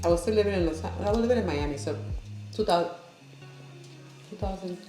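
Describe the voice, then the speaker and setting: A woman's voice: fairly low pitch, quick pace. Chatty woman co-host. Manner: chatty, warm interjections. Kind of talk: casual kitchen-table chat. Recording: echoey room with faint music.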